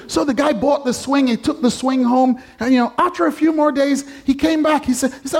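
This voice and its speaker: A man preaching a sermon, telling a story with rising excitement and often repeating his words. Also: very high voice, brisk, few pauses.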